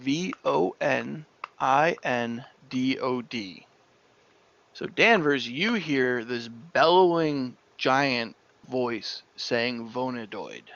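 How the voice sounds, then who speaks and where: A man narrating as dungeon master of a tabletop game, unhurried and sometimes searching for words. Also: mid-range voice, gravelly, fairly bright tone, highs cut off.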